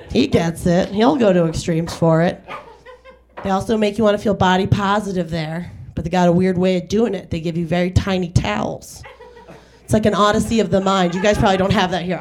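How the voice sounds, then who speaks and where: A woman's voice: mid-range voice, slight background noise. A woman performs a stand-up set with a mid-range voice. She delivers wry, self-deprecating lines, breaking into short acted asides. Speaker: stand-up comedian. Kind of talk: stand-up set at a live radio show. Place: garage venue with live audience.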